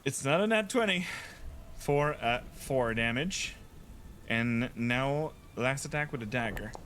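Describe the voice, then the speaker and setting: A man running a tabletop game as game master, chatty and quick to laugh, often making sound effects. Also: medium pitch, animated, a bit bright, slight background noise.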